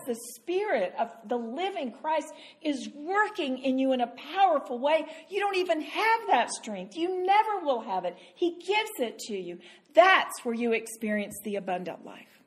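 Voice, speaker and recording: High-voiced woman preaching with laughter. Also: a little slow. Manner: animated, laughing, self-deprecating. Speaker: women's Bible teacher. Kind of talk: sermon to women.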